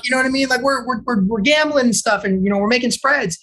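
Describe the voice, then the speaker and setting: A man's voice: extremely high pitch, very fast, few pauses. Texas guy, recovery counselor, telling his story, does the voices of other people, lots of "like" and restarts. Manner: animated storytelling, acting out quoted voices; fillers like "like" and repeated restarts. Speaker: addiction counselor.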